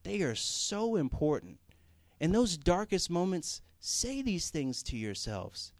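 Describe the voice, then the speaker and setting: A man's voice: sits high, sing-song, slow, dry recording. A young man preaching a sermon in a conversational way, rising to emphatic Scripture reading.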